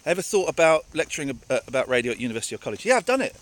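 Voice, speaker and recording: A man's voice: medium pitch, sing-song, rapid-fire. A man live-streaming from a countryside walk, talking candidly to viewers and sometimes out of breath from the climb. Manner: candid, emphatic, repeats phrases for effect. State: out of breath from walking uphill. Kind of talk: casual live-stream chat, answering viewers. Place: outdoors on a rural hill walk.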